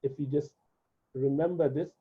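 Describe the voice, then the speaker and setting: A man whose first language is Urdu gives a patient beginner's lesson, repeating each word slowly so learners catch it. His voice sits a little high with a breathy, husky edge. The sound is thin and tinny, like a phone line. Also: fairly even intonation. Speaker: Arabic teacher. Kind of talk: classroom lesson explanation.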